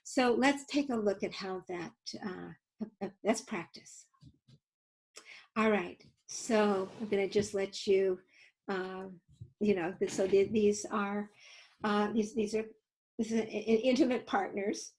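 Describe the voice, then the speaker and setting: A woman's voice: mid-range voice, steady tone, unhurried, darkish tone, poor audio. A woman presenting an instructional webinar, telling stories and explaining techniques, often hesitant with fillers and restarts. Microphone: video call.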